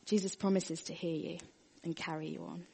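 A woman preaching a sermon, earnest, often dropping her voice very soft and quiet. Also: on the low side, fairly even intonation, normal speed, creaky, husky, in a large hall.

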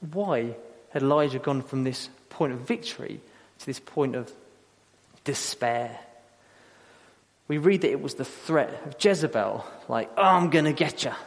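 Lively preacher in a reverberant hall. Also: male voice, medium pitch. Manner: lively storytelling, acting out quotes. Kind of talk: sermon.

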